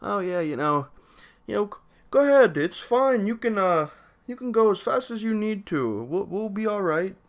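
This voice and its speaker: A man's voice: sits high, very animated, normal speed, voice pushed up. A young man doing a loose, self-mocking impression of his easygoing Amish boss, drawling and reassuring.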